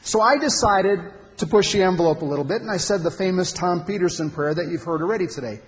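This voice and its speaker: A man giving an animated, emphatic storytelling talk to an audience at a men's conference in a large hall. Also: sits high, fast talker, few pauses, a little hiss or hum. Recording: long hall reverb.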